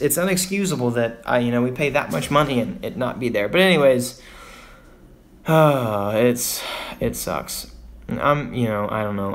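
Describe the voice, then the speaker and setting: Frustrated young man venting on a livestream. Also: medium pitch. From Texas. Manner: frustrated, rambling, sighing. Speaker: vlogger on a livestream.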